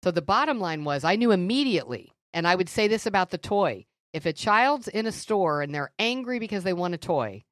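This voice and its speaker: A middle-aged woman co-hosting a faith podcast, telling stories and teaching in an earnest, animated way. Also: lowish voice, brisk, few pauses, no echo, clean studio sound. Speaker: podcast co-host. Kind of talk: faith-based conversational teaching.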